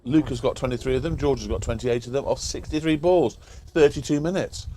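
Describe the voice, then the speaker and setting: A man's voice: medium pitch, fairly quick, dark tone. An English man doing live cricket commentary, reading out scores and figures with dry humour. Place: outdoors at a cricket ground.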